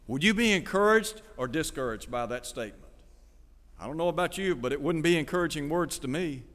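A man's voice: fairly high pitch, fairly bright tone, in a large hall. A man preaching a sermon, reading scripture and putting questions to his listeners. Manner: asks the listeners rhetorical questions.

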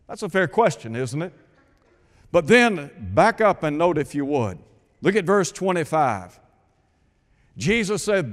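A man's voice: a little high, lively intonation, normal speed. A man preaching a sermon, asking rhetorical questions and repeating scripture with emphasis. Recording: long hall reverb.

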